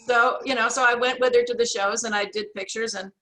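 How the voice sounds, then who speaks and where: Bright, animated woman telling stories. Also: a little high, fairly quick, few pauses, rough recording. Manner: animated, acts out quoted voices, many restarts. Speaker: guest, author and sketch artist. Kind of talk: storytelling in an interview.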